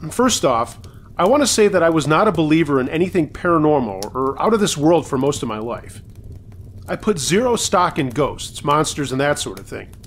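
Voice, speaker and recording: A man's voice: a little high, sing-song, normal speed, a little hiss or hum. Man narrating true stories with wry asides. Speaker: storyteller reading submitted stories.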